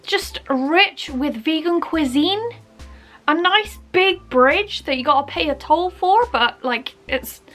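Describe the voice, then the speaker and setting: A woman's voice: sits high, lively intonation, slow, a bit bright, soft background music. A young woman with a Bristol accent, hosting a playful, jokey explainer vlog. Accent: Bristol English. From Bristol, England. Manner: playful, jokey, puts on exaggerated local phrases. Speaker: vlogger.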